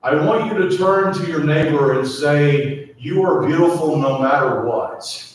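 A man's voice: fairly high pitch, a little slow, a little hiss or hum. A man preaching a sermon in a church, earnestly asking the congregation to repeat lines to their neighbors. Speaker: pastor. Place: church sanctuary. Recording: echoey sanctuary from far off.

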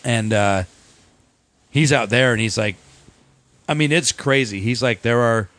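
A man's voice: mid-range voice, a little slow, fairly bright tone. A man co-hosting a podcast, telling stories in an enthusiastic, profane and rambling way. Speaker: co-host. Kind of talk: casual podcast chat.

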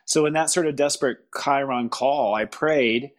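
Halting man in casual spiritual talk. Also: medium pitch. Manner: halting, searching for words, frequent restarts and laughs. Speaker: podcast guest.

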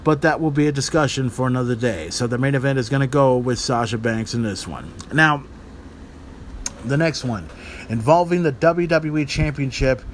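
A man's voice: medium pitch, a little hiss or hum. A man hosting a podcast, giving wrestling predictions in a heated, profane, emphatic rant. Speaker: podcast host.

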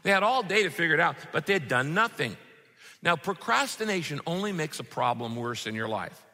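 A man preaching a sermon as pastor, animated and acting out the disciples' voices. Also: on the high side, brisk. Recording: reverberant hall.

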